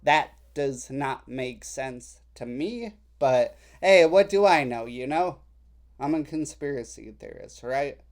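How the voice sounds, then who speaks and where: A man hosting a casual political commentary, reading messages aloud and mocking them sarcastically, with halting restarts. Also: medium pitch, animated.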